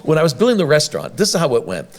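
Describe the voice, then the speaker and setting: Fast-talking man telling rambling stories. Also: a little high. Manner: rambling, animated storyteller with many restarts. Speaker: restaurant owner and guest. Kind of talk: conversational podcast storytelling.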